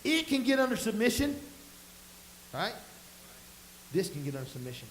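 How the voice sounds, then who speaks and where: High-voiced preacher, folksy sermon. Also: male voice, very animated, normal speed. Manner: folksy storytelling, rising to emphatic bursts. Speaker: pastor. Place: church sanctuary. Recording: echoey room with faint hiss.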